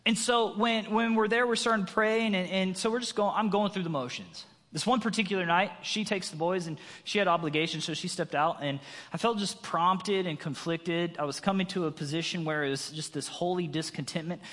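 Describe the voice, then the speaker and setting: A man's voice: high-pitched, brisk, fairly bright tone. A man in his thirties preaching a sermon, telling a personal story and acting out quotes with a raised voice. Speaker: guest preacher. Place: church sanctuary. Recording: long reverb of a large hall.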